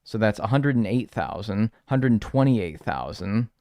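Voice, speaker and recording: Lively, joking young male streamer. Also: fairly low pitch, moderate pace, no room sound, clean studio sound. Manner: rambling, joking, crude. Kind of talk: casual gaming stream chat.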